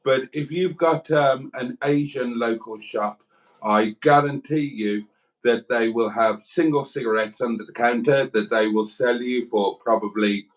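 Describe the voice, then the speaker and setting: A man's voice: medium pitch, a little slow, low-quality recording. Crude, joking man co-hosting. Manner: crude, joking, rambling anecdotes. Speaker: livestream co-host. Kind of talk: casual banter.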